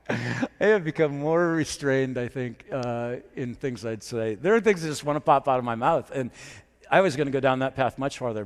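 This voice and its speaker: A male pastor delivering a sermon to a live congregation, talking casually with self-deprecating asides, then building to emphatic preaching. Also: medium pitch. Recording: long reverb of a large hall.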